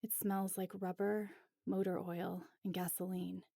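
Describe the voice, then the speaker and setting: Woman narrator reading fan fiction, measured, dark mellow tone, dry close sound. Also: lowish voice, level tone, vocal fry, no room sound.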